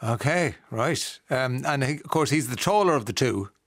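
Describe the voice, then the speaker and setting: A man's voice: medium pitch, animated, moderate pace, fairly bright tone, no room sound, studio quality. A man hosting a radio show, chatting casually and asking friendly questions with plenty of fillers.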